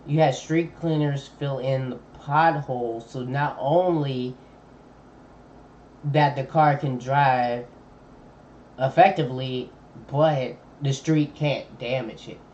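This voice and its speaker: Streamer man, laid-back slangy reaction chat, unhurried, dull lo-fi mic with faint room noise. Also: mid-range voice, steady tone, a little mellow. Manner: laid-back slangy chatter, thinking aloud. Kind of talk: casual live-stream reaction commentary.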